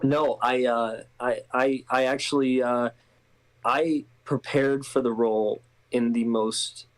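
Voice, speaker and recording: A man's voice: medium pitch, fairly even intonation, slow, poor audio. A man being interviewed as an actor, talking casually with a hesitant manner. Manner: hesitant, many restarts and laughs. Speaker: guest actor.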